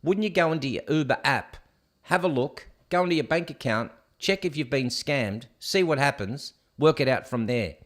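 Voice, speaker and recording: A man's voice: mid-range voice, lively intonation, moderate pace. A man hosting a solo commentary show, reading news items aloud and mocking them in a sarcastic, ranting way. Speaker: host.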